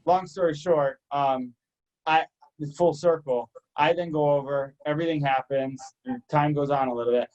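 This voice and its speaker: A man's voice: fairly high pitch, fairly even intonation, normal speed, a little mellow. A man co-hosting a casual chat, telling a long story in a rambling, candid, self-deprecating way. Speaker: co-host. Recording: dull lo-fi audio.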